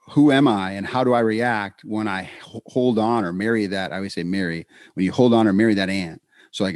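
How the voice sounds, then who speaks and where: A man's voice: lowish voice, dry recording, clean studio sound. A man co-hosting a podcast in casual chat, telling stories with many restarts. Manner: storytelling, animated, quick restarts. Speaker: podcast co-host.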